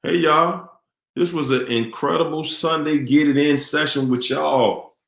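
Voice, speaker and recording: A man's voice: on the high side, a little slow, gravelly. Upbeat man hosting a live stream. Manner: greets viewers by name, relaxed and upbeat. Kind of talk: casual live-stream sign-off. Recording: echoey room.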